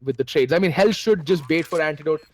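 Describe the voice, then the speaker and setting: A man with an Indian English accent casting a shooter match live, excitable, his pitch leaping at big plays. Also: quick pace. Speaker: esports caster. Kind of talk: play-by-play commentary.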